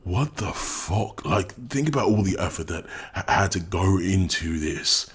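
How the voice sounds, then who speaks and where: A man with a very deep, husky voice mocks a clip in a profane rant. His pitch swings widely as he jeers. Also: lively intonation, unhurried. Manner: mocking, profane, ranting. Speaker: commentator. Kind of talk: reaction commentary.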